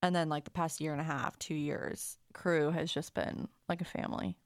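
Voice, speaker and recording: A young woman as a podcast guest in casual chat, earnest, filling her stories with "like" and getting animated as she tells them. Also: deep voice, normal speed, no echo, studio quality. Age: young adult. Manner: earnest with lots of "like", animated when telling stories.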